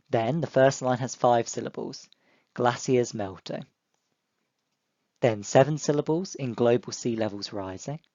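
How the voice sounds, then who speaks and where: Young male teacher, dry close mic, mid pitch, clear and encouraging with children. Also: darkish tone, no room sound, muffled recording. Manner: clear, encouraging, speaks to pupils directly. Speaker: primary school teacher. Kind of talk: online lesson for children.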